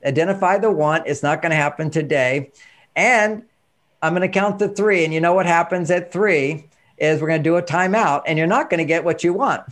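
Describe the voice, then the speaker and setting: A man coaching parents on emotions, telling stories and acting out the dialogue in an animated way. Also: on the high side. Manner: animated storytelling, acts out dialogue. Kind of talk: instructional talk with anecdotes.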